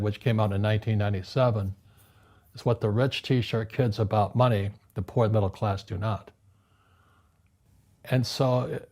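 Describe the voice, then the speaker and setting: A man in his seventies from Hawaii, a guest in an interview, telling animated stories with frequent restarts and repeated words. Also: on the low side. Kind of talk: storytelling conversation. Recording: music playing underneath.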